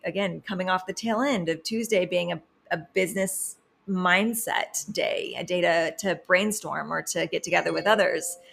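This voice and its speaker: A woman's voice: on the low side, creaky, fairly bright tone. A woman hosting a weekly astrology and tarot forecast, talking in a chatty, enthusiastic, digressive way. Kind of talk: casual forecast talk.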